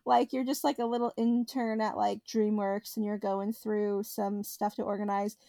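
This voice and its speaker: A young woman co-hosting a podcast in casual chat, animated and laughing often as she tells stories. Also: mid-range voice, moderate pace, creaky, no room sound. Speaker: podcast co-host.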